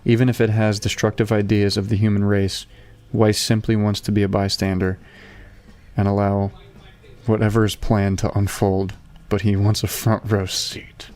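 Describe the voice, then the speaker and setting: A man playing a tabletop game, reading his character's notes aloud in a halting way. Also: lowish voice. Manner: excited, swearing, reading haltingly. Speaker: player.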